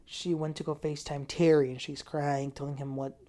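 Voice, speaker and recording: A woman with a somewhat low voice recaps a reality show in a casual way. She tells the story with animation and jumps up in pitch when she quotes people. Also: little pitch movement, a little fast, warm tone. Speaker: TV recap host.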